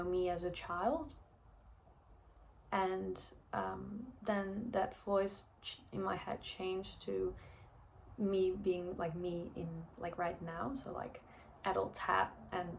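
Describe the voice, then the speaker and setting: A woman's voice: medium pitch, vocal fry, slight background noise. A young woman telling a personal story in a chatty vlog, with lots of fillers and frequent laughs. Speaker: vlogger.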